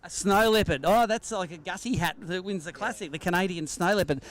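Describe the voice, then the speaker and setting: A man's voice: high voice, fairly quick. An Australian man emceeing a live fishing weigh-in, chatting with anglers and teasing them with jokes. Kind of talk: live event commentary with banter. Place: outdoor weigh-in at a sailing club.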